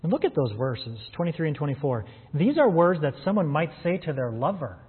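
A man's voice: a little high, animated, quick pace, hardly any pauses, slightly rough. A man preaching a sermon as a pastor, earnest and calling his listeners friends. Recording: phone-like sound in a reverberant hall.

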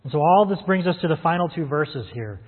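A man's voice: fairly high pitch, expressive, a little fast, husky. A man preaching a sermon as a pastor, earnest and calling his listeners friends. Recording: phone-like sound in a reverberant hall.

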